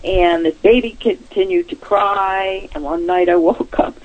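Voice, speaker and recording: A woman's voice: medium pitch, unhurried. A woman caller telling a personal ghost story in a chatty way, laughing often as she goes. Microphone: telephone. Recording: tinny phone line.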